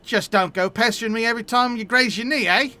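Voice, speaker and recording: A man voicing a gruff, brisk female guild proprietress from a video game, in a messy put-on mix of Boston and Cockney accents. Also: extremely high pitch, bright, forceful tone, soft background music, pitched above the performer's own voice, heavily acted.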